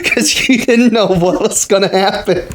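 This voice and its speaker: A man hosting a podcast, telling a story in a casual, animated way and laughing often. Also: high-pitched, moderate pace, slight background noise. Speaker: podcast host. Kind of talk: casual chat.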